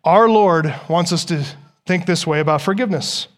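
A man preaching a sermon as pastor, emphatic and full of rhetorical questions, rising loud and dropping soft. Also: on the high side, normal speed.

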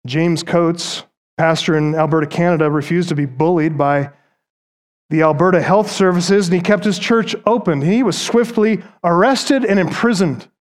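A man preaches with emphatic conviction in a high, clear voice. He leans on dramatic pauses and rhetorical questions, driving each point home. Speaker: pastor. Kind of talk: sermon.

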